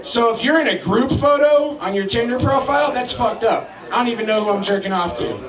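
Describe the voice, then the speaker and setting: A man in his thirties hosting and doing crude, deadpan stand-up comedy to a crowd. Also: extremely high pitch, a little fast, distant mic. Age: 30s. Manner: crude, deadpan joke delivery. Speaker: comedy host. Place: crowded club, roomy. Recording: echoey room, mic from afar, loud crowd.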